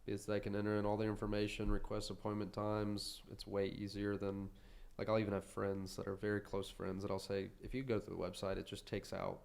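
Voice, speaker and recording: A man's voice: lowish voice, fairly quick, gravelly. A young man, a suit shop owner, chatting casually as a guest in an interview, rambling with lots of fillers. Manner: rambling, filler-heavy, relaxed.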